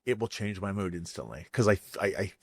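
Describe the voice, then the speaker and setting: Canadian man, low and candid. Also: animated, brisk, husky, no room sound. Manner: candid, self-deprecating storyteller. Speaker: guest chef. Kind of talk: casual podcast chat.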